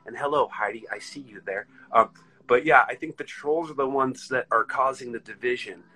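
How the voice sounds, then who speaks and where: Bright husky-voiced chatty American man. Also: mid-range voice, moderate pace, rough recording. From United States. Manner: rambling storyteller, acts out quoted voices. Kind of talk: casual chat.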